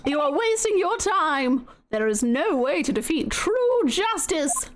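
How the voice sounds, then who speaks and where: A woman voicing a stern, sneering male prosecutor, reading game dialogue slowly and haughtily. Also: high-pitched, very animated. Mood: haughty. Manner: slow, haughty, disdainful. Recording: game music underneath. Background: game music.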